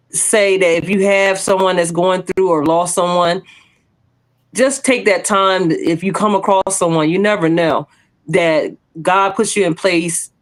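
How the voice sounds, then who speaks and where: A woman, sharing her testimony in casual chat as a podcast co-host. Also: on the low side. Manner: animated storytelling, acts out quoted voices; bold testimony.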